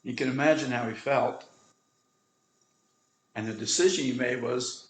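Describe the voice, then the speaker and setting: A man who serves as the instructor, telling a story in an earnest way with dramatic pauses, recorded in an echoey room. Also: mid-range voice. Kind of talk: storytelling talk.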